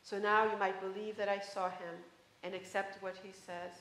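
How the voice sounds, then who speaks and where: A woman voicing a wise old village woman who travels to the land of the dead, speaking in a slow, insistent cadence. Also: medium pitch, little pitch movement, fairly bright tone, roomy sound, slight background noise, lightly acted, low-quality recording.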